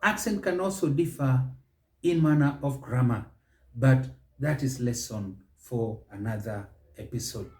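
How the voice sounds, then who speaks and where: Kenyan guy teaching english pronunciation, real slow and careful, mellow voice, echoey room. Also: mid-range voice. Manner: slow, deliberate, stretches key words. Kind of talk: measured spoken lesson.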